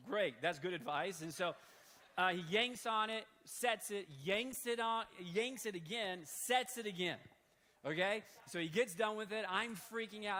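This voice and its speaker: A man in his thirties preaching in a church hall, telling a story in an animated, conversational way. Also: high voice. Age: 30s. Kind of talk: sermon storytelling. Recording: long hall reverb.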